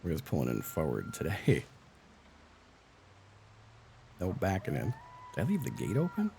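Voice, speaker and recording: Male streamer, low gravelly voice, chatty self-narration over faint game music. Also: wildly swooping pitch, moderate pace, dark tone, slight background noise. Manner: chatty, narrates his own play and greets chat. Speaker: live streamer. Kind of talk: casual gameplay chat.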